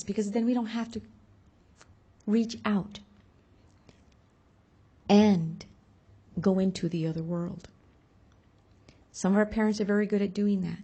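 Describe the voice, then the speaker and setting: A woman with a husky, slightly breathy voice speaks to an audience in a public talk. She moves between earnest points and animated storytelling, acting out the people she quotes. She is of Mexican heritage. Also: mid-range voice. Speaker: speaker on community advocacy.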